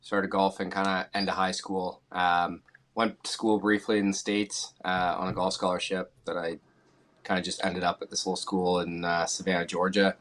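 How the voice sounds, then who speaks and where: A man in his thirties from Canada, a guest golfer telling his story in a relaxed, easygoing podcast chat. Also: deep voice, normal speed.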